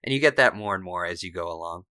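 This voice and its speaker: A man's voice: low-pitched, animated, fast talker, bright, forceful tone, smooth, no echo, studio quality. A man co-hosting a podcast in casual chat, laid-back with frequent fillers. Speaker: podcast co-host and editor.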